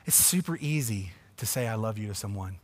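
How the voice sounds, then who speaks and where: A man preaching a sermon, swinging from hushed asides to loud, emphatic passages. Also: on the low side, animated, a little fast. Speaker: pastor. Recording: long reverb of a church hall.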